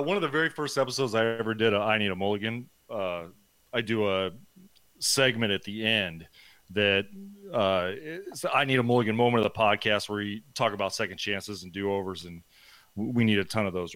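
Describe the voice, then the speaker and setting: A man's voice: on the low side, normal speed, a bit bright, no room sound. A man from Nebraska telling a story as a podcast guest, rambling with lots of fillers and casual swearing. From Nebraska, USA.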